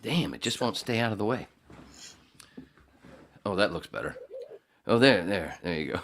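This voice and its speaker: Low-pitched guy hosting a podcast, swears a lot, jumpy lively voice, bright tone. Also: moderate pace, a little hiss or hum. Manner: swears often, jokey and rambling. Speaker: podcast host. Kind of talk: casual chat.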